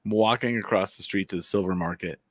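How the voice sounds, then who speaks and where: Laughing, deep-voiced man telling stories. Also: fast, breathy edge, no echo, clean studio sound. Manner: laughs often while telling stories, loose and profane. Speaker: podcast co-host. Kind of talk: casual storytelling chat.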